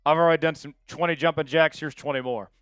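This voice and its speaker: A man's voice: on the high side, fast, smooth, dry recording. Chatty male draft stream host. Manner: chatty, excitable, hypes viewers for likes. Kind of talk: casual live-stream commentary.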